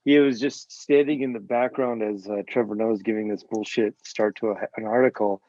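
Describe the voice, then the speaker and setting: A man's voice: on the low side, steady tone, a little fast, a little mellow, no room sound. A man chatting casually on a video call, rambling with lots of fillers and laughs. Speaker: host. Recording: dull lo-fi video call audio.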